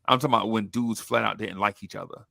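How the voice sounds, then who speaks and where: A man's voice: lowish voice, steady tone, fast talker, gravelly, bright, forceful tone, no echo, clean studio sound. A man hosting a casual sports podcast, talking in a laid-back, rambling way full of slang and restarts. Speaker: podcast host.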